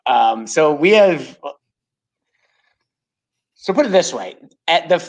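A man from New York State, a fan club chapter president, chatting as a podcast guest and telling long, rambling stories full of "like". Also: a little high. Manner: rambling storyteller, heavy use of "like". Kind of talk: casual podcast chat.

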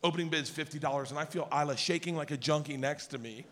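A man doing crude, animated stand-up storytelling on a theater stage into a handheld mic, with an audience present. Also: a little high, quick pace, background noise. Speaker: stand-up comedian. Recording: live theater hall with audience.

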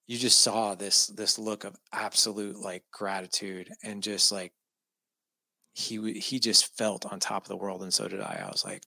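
Low, gravelly male guest, bright and emphatic, moved as he tells a family story; dry close sound. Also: level tone, normal speed, dry recording. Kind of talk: personal storytelling.

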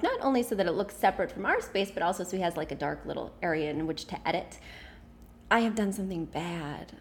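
Woman podcast host, chatty and playful, middle pitch, gives home design advice. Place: office.

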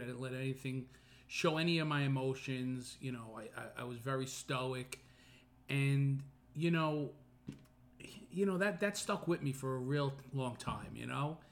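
A middle-aged man hosting a podcast, talking earnestly in a casual personal monologue full of fillers and restarts. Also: mid-range voice. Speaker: podcast host.

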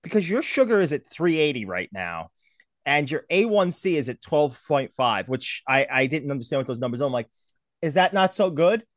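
A man hosts a podcast interview, his pitch swinging widely as he tells stories and acts out other people's lines. The sound is close and dry, with no room around it. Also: brisk, no echo. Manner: animated storyteller, acts out quotes. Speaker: podcast host. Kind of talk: casual interview chat.

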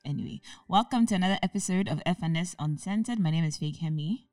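A young woman chats upbeat with her co-host on a podcast, voice on the low side. The sound is dry, with a little distance from the mic. Faint music sits behind her. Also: fast talker, warm tone, dry recording. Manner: chatty, upbeat, lots of "like" fillers. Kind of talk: casual chat.

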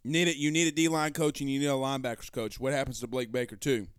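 A man hosting a sports talk stream, reading viewer comments aloud and answering them in a loud, passionate, blunt way with some swearing. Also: medium pitch, flat delivery, quick pace, smooth, dry recording, studio quality. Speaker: sports show host. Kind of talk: live-stream chat reading.

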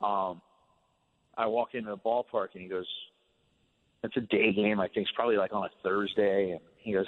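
A former ballplayer on a radio interview, telling a long story in a relaxed, rambling way full of fillers. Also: male voice, fairly low pitch, moderate pace, pauses often, in a large hall. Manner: relaxed, rambling, many fillers like "you know". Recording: phone-line sound on radio.

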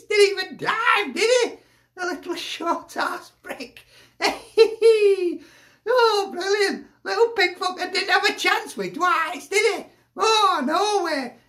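A man voicing a squeaky, foul-mouthed football fan who cackles and swears gleefully. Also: takes it slowly, pushed and bright, heavily acted. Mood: mocking. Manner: gleeful, sweary, cackling, full of tag questions. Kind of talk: comic character rant.

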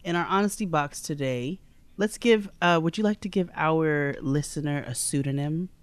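A woman co-hosting a podcast, relaxed and playful in casual chat. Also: sits low, normal speed, no room sound. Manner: relaxed and playful, drops in slang. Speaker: podcast co-host. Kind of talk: casual chat, reading listener letters.

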